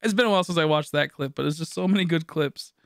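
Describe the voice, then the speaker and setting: A man's voice: fairly high pitch, quick pace, gravelly, a bit bright, dry recording, studio quality. A man in his late twenties, a streamer rambling through a funny story, laughing often and swearing casually.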